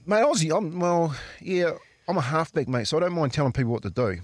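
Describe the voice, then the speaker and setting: His voice sits on the high side, brisk and expressive, with no room sound. He's a former rugby league player from New Zealand, telling chatty radio stories, laughing along and calling people "mate" frequently.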